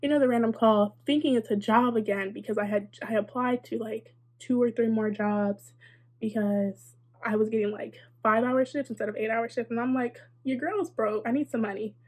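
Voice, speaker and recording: A woman's voice: fairly high pitch, fairly even intonation, moderate pace, darkish tone. A young adult woman telling a casual storytime, chatty and sarcastic, with lots of "like" and wry asides. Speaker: vlogger.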